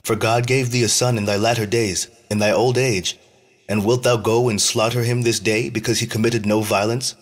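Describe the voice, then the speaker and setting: A man's voice: lowish voice, fairly even intonation, moderate pace, natural voice. A man reading as Satan posing as an aged man. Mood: reproachful. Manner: scolding, reproachful questions in archaic speech.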